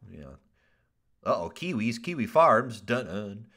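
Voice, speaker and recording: Dude reading wild news on a podcast, lively swoopy voice, cracking up and cussing. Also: male voice, fairly low pitch, a little slow. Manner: animated, laughs often, swears, ad-libs jokes. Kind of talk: casual comedic news reading.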